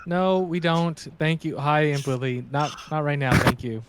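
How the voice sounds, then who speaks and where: A man's voice: on the high side, moderate pace, very noisy. A man playing a character in a tabletop game, answering in a dry, joking, matter-of-fact way. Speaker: player.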